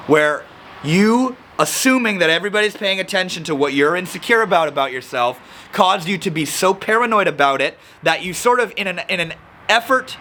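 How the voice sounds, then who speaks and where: A man's voice: high-pitched, slight background noise. A young man talking casually to camera, explaining social anxiety and acting out the people he quotes. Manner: animated, acts out quoted people. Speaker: self-help video host.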